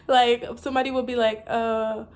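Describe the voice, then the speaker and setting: A young American woman talking casually to camera as a vlogger, chatty and rambling, full of likes and restarts, laughing now and then. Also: on the high side. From United States.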